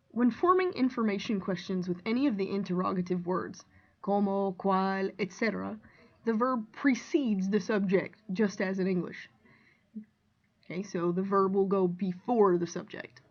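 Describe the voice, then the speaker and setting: Woman teacher explaining, slightly lo-fi. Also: mid-range voice. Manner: clear, deliberate explaining with example sentences read aloud. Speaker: Spanish teacher. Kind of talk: recorded classroom lesson.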